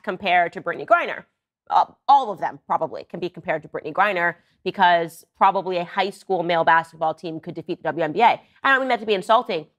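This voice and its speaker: A woman political commentator who gives emphatic, sarcastic, mocking commentary. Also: mid-range voice.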